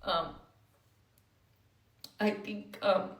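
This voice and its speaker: A young woman talks on a phone livestream, emotional and close to tears, blunt and sprinkled with profanity and Spanish words. Her voice sits in a middle pitch for a woman. The sound is roomy and she is a little away from the mic. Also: fairly even intonation, extremely slow, distant mic, slight background noise. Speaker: livestreamer answering viewer comments. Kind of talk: candid emotional livestream chat.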